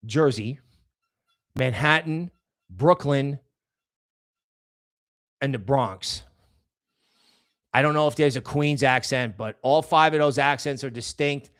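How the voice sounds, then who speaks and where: A man's voice: mid-range voice, a bit bright, clear, resonant tone. Rambling man. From New York area. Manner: rambling, emphatic, with frequent restarts. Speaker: crypto livestream host. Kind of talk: casual livestream commentary.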